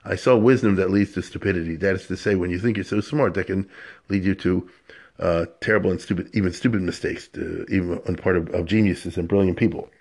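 A man with a fairly low voice teaches a Torah lesson. He talks conversationally and animatedly, asking rhetorical questions and mixing in Hebrew terms. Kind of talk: Torah lecture.

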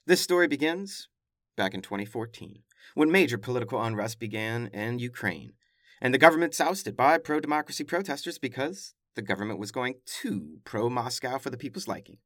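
A male podcast host runs through world headlines in a casual, emphatic way, throwing in wry, exasperated asides. His mid-range voice is animated, fairly quick and a bit bright. It's recorded dry and close, with no room sound.

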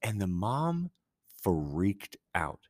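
Man, very low voice, dry close mic, casual rambling podcast host, incredulous, swears. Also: sing-song, very slow, darkish tone, no echo. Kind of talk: casual solo storytelling.

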